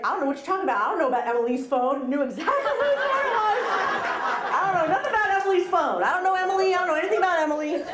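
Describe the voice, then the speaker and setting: A middle-aged woman telling a story on stage at a live story slam, chatty and animated, acting out the voices of the people in it. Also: high-pitched. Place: small live venue with audience. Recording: roomy live venue sound.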